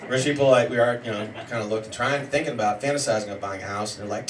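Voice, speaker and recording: A man in his forties doing a self-deprecating stand-up comedy set, yelling during some bits. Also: mid-range voice, racing, few pauses. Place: comedy show in a homemade bar. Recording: roomy, mic heard from a distance, noisy room.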